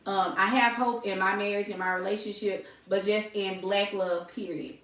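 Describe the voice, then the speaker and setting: A woman co-hosting a podcast, telling stories in a casual, animated way and calling her listeners y'all. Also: mid-range voice, moderate pace. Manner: animated, laughs often, addresses listeners as y'all. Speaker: podcast co-host. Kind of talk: casual storytelling chat. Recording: echoey room, distant mic.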